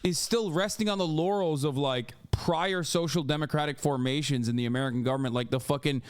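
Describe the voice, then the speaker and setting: A man's voice: a little high, a little fast, clear, resonant tone. A man hosting a live reaction stream, talking casually and breaking into heated, profane rants. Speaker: streamer host.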